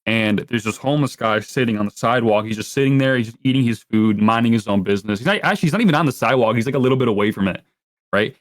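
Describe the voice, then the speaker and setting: A man's voice: mid-range voice, very fast, no echo, studio quality. A young adult man talking as a podcast guest in a rambling, profane way, full of filler words. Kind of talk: casual podcast chat.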